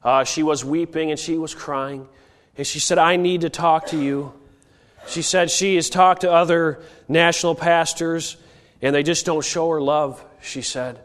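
A man's voice: a little high, steady tone, unhurried, a bit bright, big-room sound. A man with a cold, preaching an earnest missionary sermon with frequent hesitations and rising calls to action. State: has a cold.

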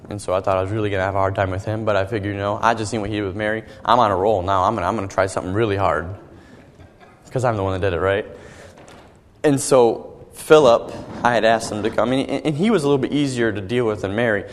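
A young man giving an earnest personal testimony as a sermon, halting and often repeating his words. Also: on the low side, big-room sound, slight background noise. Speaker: young preacher.

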